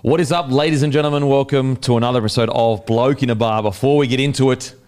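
A man with a deep, dopey-sounding voice, hosting a casual podcast chat in a studio and swearing freely. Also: fast, smooth. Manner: brash, swears freely, animated storytelling. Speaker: podcast host.

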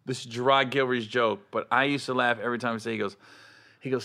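A man's voice: medium pitch, steady tone, fast talker, pushed and bright. A man who is a comedian, a guest in casual comedic chat, telling frank stories and laughing through them.

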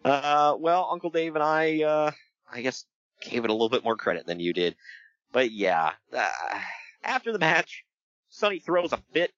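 A man hosting a casual podcast, recapping wrestling in an animated storytelling way and laughing often. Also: on the high side, normal speed, no echo, dull audio. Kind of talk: casual chat.

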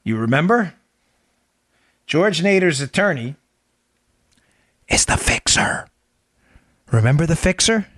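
A man's voice: fairly high pitch, very animated, slow, pauses often, a bit bright, no room sound, studio quality. A middle-aged man hosting a political commentary podcast, talking in an emphatic, incredulous way and repeating his points for effect. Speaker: podcast host.

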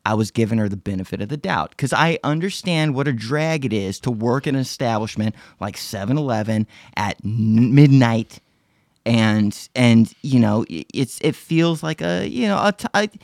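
Man, podcast storyteller, lively swooping pitch, dry close sound, rambling and profane. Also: dry recording. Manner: rambling, profane, many restarts. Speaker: podcast host. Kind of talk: casual storytelling.

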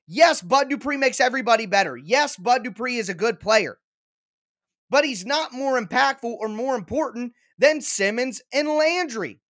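A man's voice: very high voice, fairly bright tone. A man hosting a sports talk show, making his case emphatically with repeated punchy lines and everyday analogies. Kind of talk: opinionated sports commentary.

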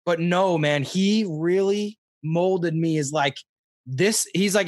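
Excitable, rambling man from Missouri. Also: sits high, a little slow, no echo, clean studio sound. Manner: rambling, filler-heavy, excitable. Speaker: podcast guest, fishing show host. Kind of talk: casual storytelling in an interview.

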